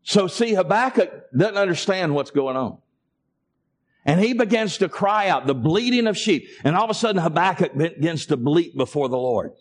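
A male pastor preaching a sermon, calling out to the congregation and building up to impassioned, near-shouted passages. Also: fairly high pitch, lively intonation, moderate pace. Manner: calls to the congregation in a Southern US vernacular.

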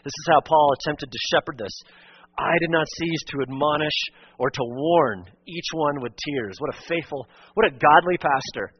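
A man's voice: a little high, normal speed, dull audio, slight background noise. A male pastor preaching a sermon in an earnest, emphatic way, repeating his key points.

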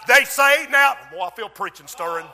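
A man preaching an impassioned sermon in a church, often rising to shouts. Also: very high-pitched, lively intonation, moderate pace, big-room sound.

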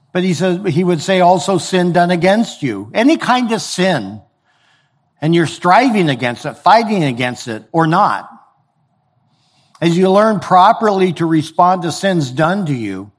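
Older guy pastor, fairly high voice, preaching casual and direct, acts out little voices for the people he quotes. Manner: conversational preaching, acting out quoted complaints. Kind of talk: sermon.

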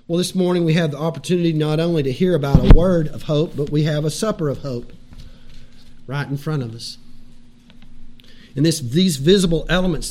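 Male pastor, earnest exhorting sermon delivery, slightly higher voice. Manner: earnest, exhorting, shifts between loud and hushed.

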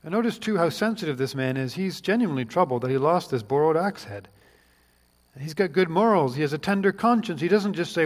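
A man's voice: a little high, lively intonation, a little fast. A man preaching a sermon in an earnest, pleading way that rises to fervent questions. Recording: long hall reverb.

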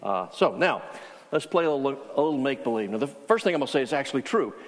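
Storytelling pastor in a reverberant hall. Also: male voice, mid-range voice, sing-song, fast talker. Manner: conversational storytelling, frequent restarts. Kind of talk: sermon. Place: church sanctuary.

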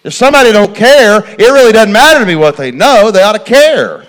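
Folksy pastor preaching, high voice. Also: male voice, animated, a little fast, a bit bright. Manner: folksy preaching, addresses congregation as y'all, repeats phrases for emphasis. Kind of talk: sermon.

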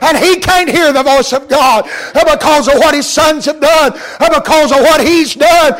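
High-voiced preacher man. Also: moderate pace, poor audio. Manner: dramatic, swings between loud cries and hushed near-whispers. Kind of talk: sermon storytelling.

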